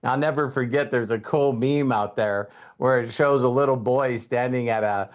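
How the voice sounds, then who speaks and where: A man of middle pitch giving a casual live talk to his viewers over a webcam. He rambles, piles up fillers and laughs, and gets animated as he tells stories. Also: normal speed. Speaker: host.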